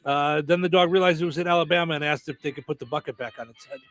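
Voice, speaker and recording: A man's voice: a little high, fairly even intonation, rapid-fire, fairly bright tone. A man hosting a radio show, reading news headlines and tagging each with a wisecracking joke. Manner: wisecracking, jokey punchlines after headlines. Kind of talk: comedic news-headline banter.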